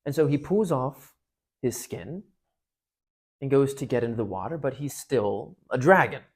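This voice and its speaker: A man with a husky, somewhat breathy voice walks listeners through a story in a relaxed, conversational talk. He pitches in at a middling level and often restarts his phrases as he thinks aloud. He sounds like he is explaining a book to a parish group. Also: moderate pace. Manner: conversational, with frequent restarts and fillers. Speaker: parish speaker on literature. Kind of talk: casual talk retelling and analyzing a book.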